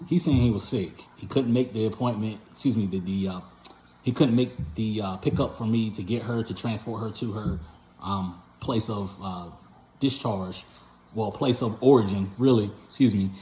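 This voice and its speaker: A man's voice: on the low side, moderate pace, warm tone, a little hiss or hum. A man who runs a patient transport company, casually telling a story to his viewers in a rambling way, full of fillers and self-corrections. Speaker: owner of a patient transport company, channel host. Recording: roomy echo.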